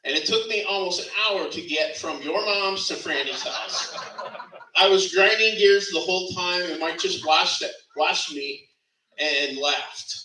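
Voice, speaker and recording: A middle-aged man gives a meandering eulogy at a funeral venue, his high, bright voice forceful and a little slow. Picked up from a distance in a reverberant room, he chuckles through anecdotes and keeps correcting himself.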